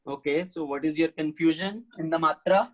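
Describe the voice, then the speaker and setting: A man's voice: a little high, moderate pace, muffled recording. A man teaching a Sanskrit class online, patiently explaining step by step and answering questions.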